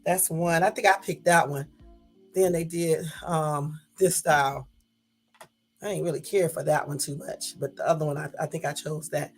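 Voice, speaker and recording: A woman's voice: low-pitched, steady tone, moderate pace, husky, soft background music, low-quality recording. A woman vlogger at home, chatting casually to her viewers late at night, laughing and rambling.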